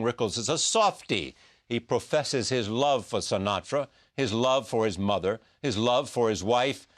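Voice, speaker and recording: A man's voice: medium pitch, a bit bright. A man hosting a talk-show interview, reading an introduction and asking brief questions. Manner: reads intro, then short prompts and frequent agreement. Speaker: interview host.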